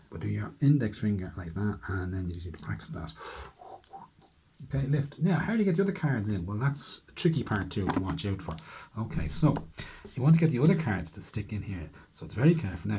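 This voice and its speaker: A man's voice: fairly low pitch, dark tone, slight background noise. A man, a preschool teacher, patiently explaining step by step how to do a card trick for young children. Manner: patient, step-by-step with frequent "okay?".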